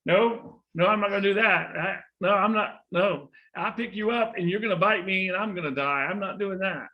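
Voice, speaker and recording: A man's voice: high voice, normal speed, muffled recording, pitched above the performer's own voice. A man doing a protesting young boy. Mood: refusing. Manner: excited, protesting. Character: frightened young boy, wary then betrayed.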